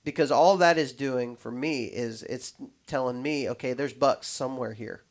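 A man's voice: mid-range voice, moderate pace. A man in casual podcast chat, talking in loose, rambling sentences full of restarts and fillers.

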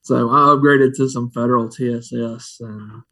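A man's voice: medium pitch, fairly even intonation, moderate pace, bright, forceful tone. Easygoing male podcast guest. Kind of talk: casual chat.

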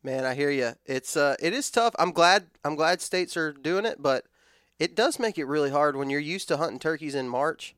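A man's voice: a little high, animated, normal speed, a bit bright, clean tone, no echo, studio quality. A man hosting a podcast interview, upbeat and joking with his guest. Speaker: podcast host. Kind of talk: casual interview.

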